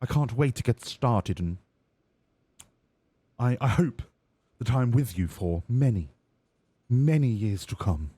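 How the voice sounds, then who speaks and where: A man's voice: medium pitch, expressive, slow, pauses often, warm tone, slightly rough, no room sound. A man voicing an eager young male racing driver, speaking earnestly.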